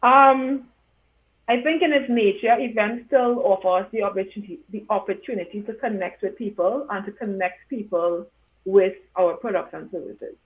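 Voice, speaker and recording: A woman's voice: medium pitch, moderate pace. Woman guest on a tinny call line. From Trinidad and Tobago. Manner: earnest, encouraging, uses fillers like um and you know. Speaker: guest, events consultant. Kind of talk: live interview answers. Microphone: video call. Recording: tinny phone-like audio.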